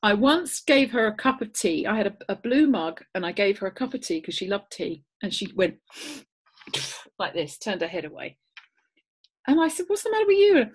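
A woman, a guest course leader, telling an animated story on a video call and dropping to a whisper at tender moments. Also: mid-range voice, a little fast, few pauses, slightly rough. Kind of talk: storytelling on a webinar.

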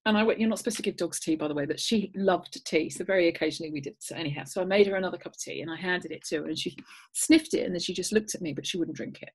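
A woman, a guest course leader, telling an animated story on a video call and dropping to a whisper at tender moments. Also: fairly low pitch, rapid-fire, slightly rough. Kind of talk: storytelling on a webinar.

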